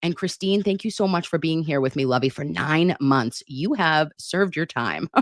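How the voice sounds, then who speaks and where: A woman's voice: deep voice, animated, moderate pace, hardly any pauses, no room sound, studio quality. Chatty middle-aged woman livestreaming. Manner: chatty, affectionate, self-deprecating. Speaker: livestream host. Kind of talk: casual livestream chat reading viewer comments. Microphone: computer mic at a desktop.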